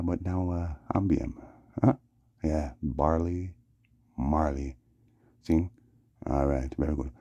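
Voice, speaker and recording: A man's voice: a bass voice, mellow, no echo, dull audio. A man delivering a rambling vlog monologue, repeating "yeah" and "yes" as refrains. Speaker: vlogger.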